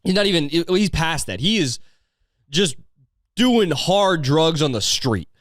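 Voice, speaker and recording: A man's voice: a little high, big pitch swings, slow, a bit bright, dry recording, studio quality. A man hosting a podcast, riffing on a video in rambling, profane, sardonic casual commentary. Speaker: podcast host.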